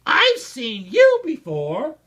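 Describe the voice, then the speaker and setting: Reader doing a squealing bossy bird lady, way up high and shouty, slow drawn-out words. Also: huge pitch swings, full character voice. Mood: delighted. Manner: shrieking, indignant. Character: lazy flighty female bird, shrill and bossy.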